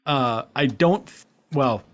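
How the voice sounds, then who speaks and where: A man's voice: medium pitch, slow pace, fairly bright tone. A man co-hosting a game podcast, explaining game details in a matter-of-fact way. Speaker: podcast co-host. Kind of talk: casual game discussion.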